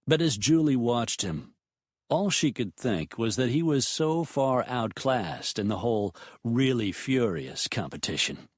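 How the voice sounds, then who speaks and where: A man narrating a romance audiobook in a measured, expressive storytelling manner. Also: medium pitch, dry recording, clean studio sound.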